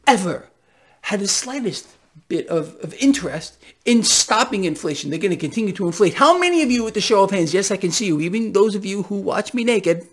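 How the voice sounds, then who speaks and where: A man hosting a financial commentary vlog, talking in an animated, sarcastic rant. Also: high voice, brisk, slightly rough. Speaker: host.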